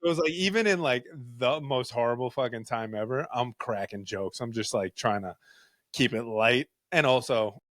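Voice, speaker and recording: A young man hosting a podcast, telling a story in a casual, animated, profane, jokey way. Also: mid-range voice, normal speed, dry recording, clean studio sound. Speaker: podcast host.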